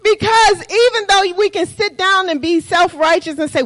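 High-voiced woman preaching a sermon. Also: normal speed, few pauses, fairly bright tone, poor audio. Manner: call-and-response preaching, rhetorical questions.

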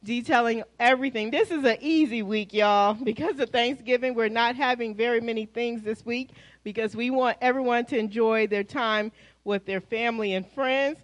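American woman pastor, higher voice, dry close sound, chatty announcements to the congregation. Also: normal speed, no room sound, low-quality recording. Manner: lively, chatty, addresses congregation as y'all. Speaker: pastor giving church announcements. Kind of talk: church announcements. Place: church sanctuary.

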